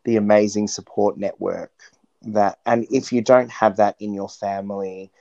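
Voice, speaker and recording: A man talking earnestly as an interview guest, reflecting slowly with frequent restarts. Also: lowish voice, fairly even intonation, gravelly, warm tone, dry recording, dull audio. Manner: earnest, searching, many restarts. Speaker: interview guest, stage performer.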